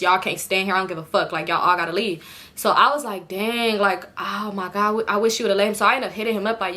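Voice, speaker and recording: Fast-talking animated young woman storyteller. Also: medium pitch. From California, US. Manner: animated retelling, voices others with expletive-laden quoted outbursts. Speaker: storytime vlogger. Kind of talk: casual storytime vlog.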